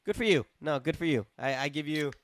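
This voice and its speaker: A man's voice: a little high, brisk, background noise. A man hosting a podcast, talking casually in a rambling way, repeating words and encouraging his guest. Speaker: podcast host. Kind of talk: casual interview chat.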